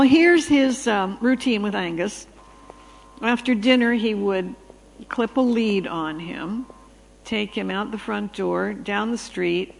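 A woman giving an anecdotal talk on brain research, telling stories with animated delivery and acting out the dialogue. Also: medium pitch, gravelly, in a large hall, slight background noise, poor audio.

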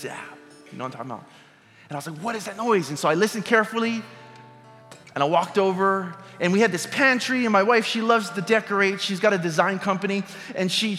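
High-voiced man preaching in a hall. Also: sharp tone. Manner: storytelling, conversational, asks the audience questions. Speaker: pastor. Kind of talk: sermon with personal story. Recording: reverberant hall with music.

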